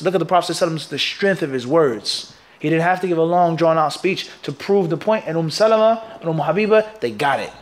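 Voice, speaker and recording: Teaching hadith, a high-voiced man speaks with punchy emphasis and delivers his lesson in bursts. He draws his students in with call-and-response, leaving a gap after each point for them to complete it.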